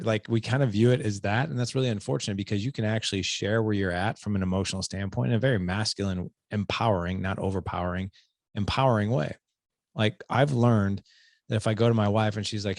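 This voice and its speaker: Low-voiced man, casual podcast host. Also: fast, no room sound, studio quality. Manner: animated, acts out quoted dialogue.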